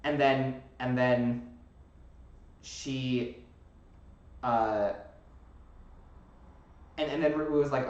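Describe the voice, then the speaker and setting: A man hosting a casual chat, rambling with lots of fillers and getting animated when he makes a point. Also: mid-range voice, very slow, pauses often, roomy sound, dull audio. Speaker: host.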